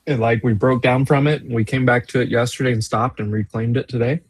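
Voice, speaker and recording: A man's voice: medium pitch, fairly even intonation, fast, slightly rough, no room sound, low-quality recording. A man co-hosting a live trading stream in casual chat, who often halts and restarts mid-thought.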